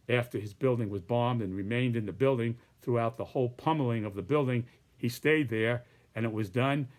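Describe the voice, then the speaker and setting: A man presenting his political cartoons in casual, rambling commentary with many restarts and hedges. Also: medium pitch.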